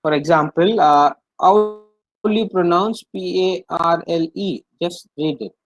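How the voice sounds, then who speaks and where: Slow, patient male language teacher. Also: sits high, no echo, rough recording. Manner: patient, repetitive explaining with many fillers. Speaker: French teacher. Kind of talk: online language class.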